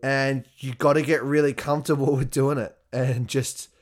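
A man's voice: mid-range voice, little pitch movement, moderate pace, slight background noise. A young adult man talking in a casual monologue, swearing often and laughing as he speaks.

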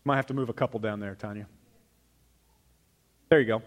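A pastor preaching a sermon in a church, talking to the congregation in a conversational way that swings from loud emphasis to quiet asides. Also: male voice, lowish voice, fairly even intonation, a little fast. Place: church sanctuary.

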